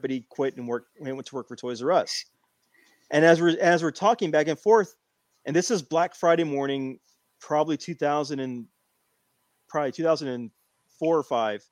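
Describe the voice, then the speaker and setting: A man in casual chat, animated and repeating phrases as he tells a long story. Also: a little high, normal speed, dry recording. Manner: animated, repeats himself while telling a story.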